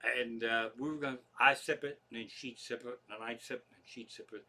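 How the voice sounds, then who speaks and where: A man's voice: mid-range voice, fairly even intonation, brisk, bright, forceful tone. Profane, chatty Pennsylvania man. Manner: profane, chatty, loose asides. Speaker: comedian hosting a livestream. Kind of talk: rambling comic storytelling. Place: living room.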